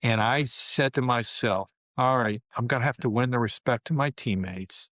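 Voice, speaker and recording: A man's voice: medium pitch, normal speed, no echo, studio quality. A man, telling a candid, colorful story as an interview guest. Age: 70s. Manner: candid, relaxed, colorful, with frequent fillers. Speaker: guest, former pro basketball player.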